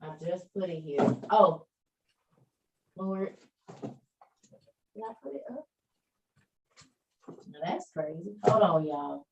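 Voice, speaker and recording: A woman's voice: fairly low pitch, lively intonation, slow, gravelly, long pauses, recorded from a distance, dull audio, slight background noise. A woman hosting an online meeting, chatting casually with listeners and encouraging them about faith. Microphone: video call.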